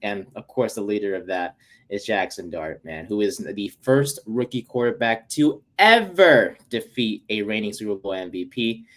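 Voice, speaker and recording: A man co-hosting a sports podcast, chatting casually with lots of fillers and sudden bursts of excitement. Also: lowish voice, moderate pace. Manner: excitable, many fillers, bursts of loud enthusiasm. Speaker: podcast co-host.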